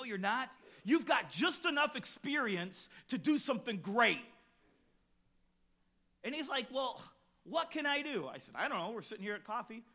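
A man, a pastor, preaching a sermon and telling a personal story, acting out the voices he quotes and swinging between loud bursts and hushed lines. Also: high-pitched.

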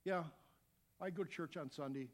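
A middle-aged male pastor preaching with a fairly high voice. He is animated, slipping into quiet asides and then building up to loud, forceful shouts. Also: moderate pace. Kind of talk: sermon.

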